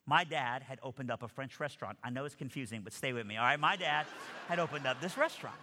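A man's voice: medium pitch, fast, pushed and bright. A man giving a storytelling testimony, acting out the dialogue as he goes. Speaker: speaker giving his testimony. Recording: long hall reverb.

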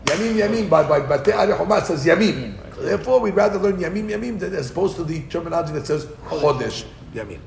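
A man's voice: fairly high pitch, animated, quick pace, creaky, hardly any pauses, darkish tone, a little hiss or hum. A man teaching a Talmud class, thinking aloud and restarting often, with Hebrew and Aramaic terms mixed into his English.

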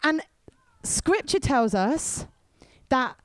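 A woman gives a sermon in a chatty, storytelling way, turning to the crowd with quick asides. Her voice sits fairly high and swings a great deal, rising and falling through each line. The sound is close and dry. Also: very animated, no room sound. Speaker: speaker at a youth event.

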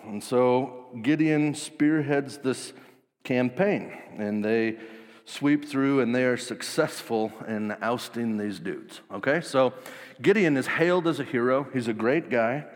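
A man's voice: medium pitch, takes it slowly. A man preaching in a casual, jokey, slangy way, retelling a story. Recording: long hall reverb.

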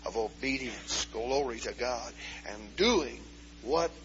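A fervent male preacher with a high, sharp-edged voice, punctuating his sermon with hallelujahs and "uh" fillers and climbing into shouts. The recording is a dull, lo-fi 1970s tape with a faint hiss behind him. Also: normal speed. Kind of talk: fiery Pentecostal sermon.

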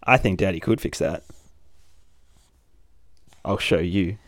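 A man's voice: sits low, slow pace. A man reading a comic aloud to his young child, playful and sing-song, with big reactions. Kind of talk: animated comic read-aloud.

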